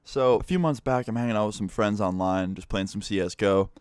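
A young man, a gaming streamer, telling a story in a casual, animated way with lots of swearing. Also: fairly low pitch, fairly quick, smooth, dry recording, clean studio sound. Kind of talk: storytime vlog.

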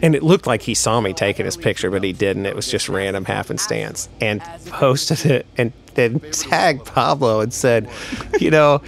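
Podcast host, male, lowish voice, easygoing storyteller, casual. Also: moderate pace, vocal fry, hardly any pauses. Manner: laid-back anecdotal storytelling. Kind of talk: casual chat.

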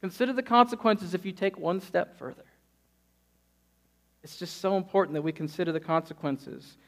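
High-voiced pastor preaching with energy. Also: male voice, moderate pace. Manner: lively storytelling, acts out quotes. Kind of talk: sermon.

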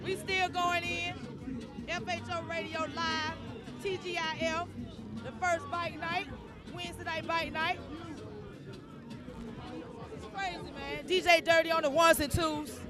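Man, very high voice, excited hype host, outdoors with light crowd chatter behind. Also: unhurried, long pauses, music in the background. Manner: excited, repetitive, rowdy. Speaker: show host. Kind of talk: live hype shout-outs at an outdoor event. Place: outdoor bike night with crowd and vehicles.

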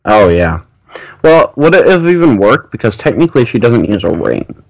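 A man co-hosting a casual podcast chat, asking quick questions and dropping dry quips. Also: mid-range voice, very animated, creaky, no echo, rough recording. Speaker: podcast co-host.

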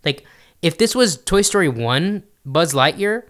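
Bright-voiced man in casual chat. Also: a little high. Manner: animated, puts on quick character voices.

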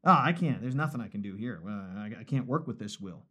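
A man's voice: on the high side, very animated, measured pace. A man voicing a dismayed male God who mutters exasperated complaints. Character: dismayed God, male, fretting over a broken will.

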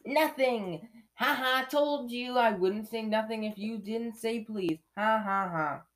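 A man's voice: high-pitched, slow pace, fairly bright tone, pitched above the performer's own voice. A man voicing a mischievous male poltergeist with a taunting sing-song manner while reading a storybook aloud. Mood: gloating.

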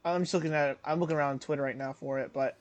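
A young man co-hosting a casual podcast, rambling with lots of fillers and breaking into loud impressions. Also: a little high, steady tone, very fast. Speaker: podcast co-host.

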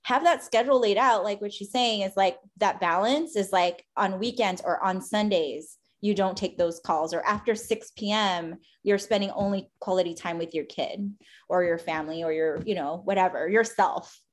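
A woman's voice: mid-range voice, normal speed. A woman with a mid-range voice chats casually in a loose, rambling way, full of fillers. She comes across as agreeable and easygoing, like a coach talking shop with a friend. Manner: warm, agreeable, rambling with many likes. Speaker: podcast host and coach. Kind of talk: casual chat.

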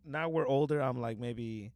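A man's voice: mid-range voice, moderate pace, a little mellow, no echo. Young guy rambling through a story, swears a lot, tons of likes and you knows, dry close mic. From Southern California. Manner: rambling, profane, filler-heavy storytelling. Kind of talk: casual chat.

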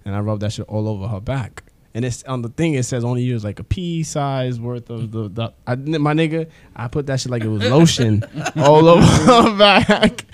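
A man's voice: medium pitch, lively intonation, moderate pace, few pauses. A man laughing and swearing as he tells a story in casual chat.

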